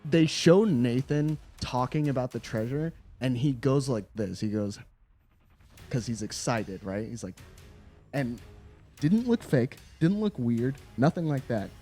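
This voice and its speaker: Male co-host reviewing games, mid-pitched, relaxed and profane, rambles through his points. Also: a little slow, faint music behind. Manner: rambling, loose and profane, laughs often. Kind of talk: casual chat.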